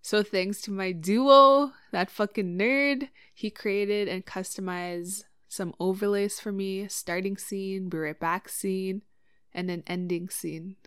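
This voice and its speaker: Chatty woman, smooth dry voice. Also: medium pitch, takes it slowly, no echo. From Cree community in Canada. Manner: chatty, swears freely, animated when excited. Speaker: podcast host. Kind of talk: casual solo podcast update.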